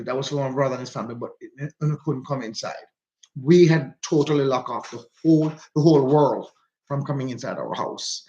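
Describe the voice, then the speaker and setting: Jamaican man, mid-pitched, casual livestream host, repeats himself, greets viewers by name, slightly dull phone audio. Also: a little fast, dark tone. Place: walking outdoors.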